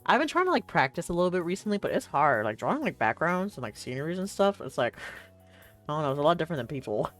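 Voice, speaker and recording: A woman's voice: low-pitched, very animated, fast talker, fairly bright tone, faint music behind. A young woman streaming a game, chatting casually and reading the story aloud, rambling with many fillers and frequent laughs.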